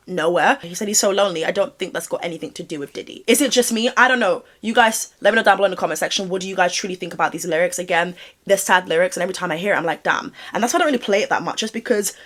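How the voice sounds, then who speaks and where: A woman's voice: medium pitch, a bit bright. A woman giving casual commentary on a video channel, speaking frankly and straight to her viewers. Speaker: YouTube commentator.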